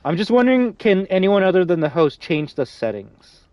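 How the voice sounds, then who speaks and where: A man streaming a game hosts a lobby, chatting casually with a friend and his viewers while rambling, restarting sentences, using lots of fillers and swearing freely. His voice sits high and sing-song at a moderate pace. The recording is muffled, with no echo.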